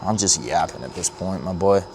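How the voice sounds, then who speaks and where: A man's voice: low voice, moderate pace, noisy background. A young man vlogging in casual, rambling talk, joking around and swearing a lot as he drives and shops. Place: in a car, then in a shop and at home.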